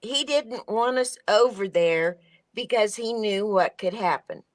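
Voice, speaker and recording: A woman's voice: mid-range voice, measured pace. Earnest woman explaining at length. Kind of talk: casual live stream chat.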